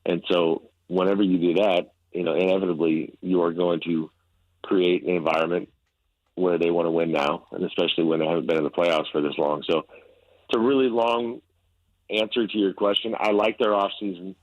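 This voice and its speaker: A deep-voiced man joins a radio sports show as a reporter guest, rambling in a relaxed, tired way. The call sounds muffled and dull, and dry with no room around it. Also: moderate pace, no room sound. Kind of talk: casual radio interview.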